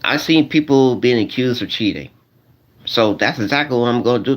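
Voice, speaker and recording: A man doing a stand-up rant to a crowd, repeating himself and sounding exasperated, his voice shooting up when he gets indignant. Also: moderate pace. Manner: repetitive, exasperated, voice jumping high when indignant.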